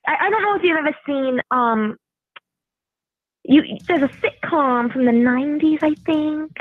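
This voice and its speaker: High-voiced woman on a tinny line. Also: unhurried, dry recording. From England. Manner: self-deprecating, hesitant, many restarts. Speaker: guest, voiceover artist. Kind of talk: casual podcast chat. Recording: dry, tinny phone-like line.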